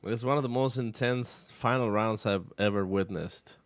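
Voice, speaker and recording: A man's voice: fairly low pitch, moderate pace, no room sound. A man co-hosting a casual podcast, easygoing and heavy on fillers.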